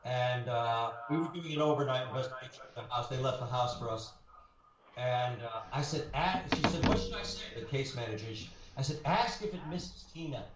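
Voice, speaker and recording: A man's voice: medium pitch, a little fast. A man who investigates the paranormal, telling anecdotes in a casual radio interview, rambling with many fillers. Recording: roomy, muffled, with crowd noise.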